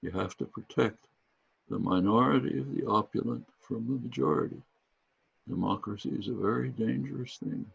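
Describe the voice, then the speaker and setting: A man talking as an interview guest in a halting, measured way, restarting his phrases. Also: fairly low pitch, animated, creaky, breathy edge, no room sound. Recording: dull, dry lo-fi recording.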